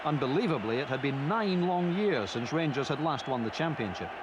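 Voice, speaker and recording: A man giving measured, expressive scripted narration for a sports documentary. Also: fairly high pitch, muffled recording, background noise.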